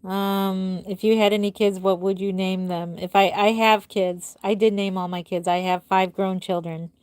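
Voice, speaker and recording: A middle-aged woman who makes reborn dolls hosts a live stream from home, chatting casually and answering viewers' comments one at a time. Her intonation is fairly even, her speed normal, and her delivery smooth, with her thoughts trailing off soft and low. The recording is dry.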